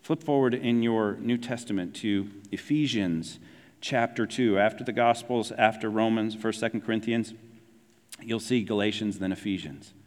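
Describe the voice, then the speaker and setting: A man preaching a sermon in a conversational, animated way, dropping his voice low to stress key points. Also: moderate pace, big-room sound. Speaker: pastor.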